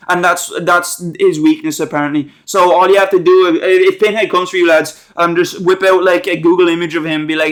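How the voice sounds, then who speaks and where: A young man rants casually about horror films. His voice sits high, and he rambles sarcastically, full of slang and restarts. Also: flat delivery, a little fast, hardly any pauses. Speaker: movie reviewer. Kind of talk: casual rambling movie rant.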